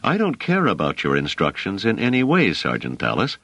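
A stubborn male scholar, voiced by a man, answers in clipped, indignant phrases. The voice sits low and moves up and down expressively. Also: wildly swooping pitch, a little fast, a bit bright, no echo, full character voice. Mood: angry.

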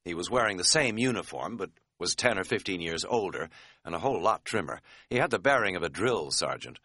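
A man's voice: low voice, expressive, a little fast, pushed and bright, husky, no room sound. A man narrating an audiobook in a wry, dry-humored storytelling manner.

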